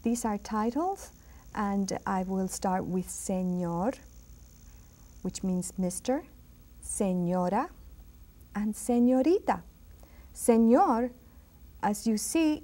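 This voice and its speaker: A woman with a Puerto Rican accent teaches a televised school language lesson. She speaks slowly and patiently, sounding out each word and repeating it for her viewers to echo. Her voice sits at an ordinary middle pitch. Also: dark tone. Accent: Puerto Rican Spanish. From Puerto Rico. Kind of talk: educational TV lesson.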